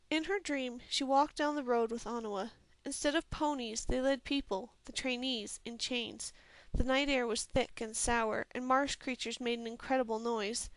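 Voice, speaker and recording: Woman, audiobook narrator, higher voice, smooth clear tone, dry close sound, steady reading. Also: no echo. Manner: steady, even storytelling reading. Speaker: audiobook reader. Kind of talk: scripted fantasy novel narration.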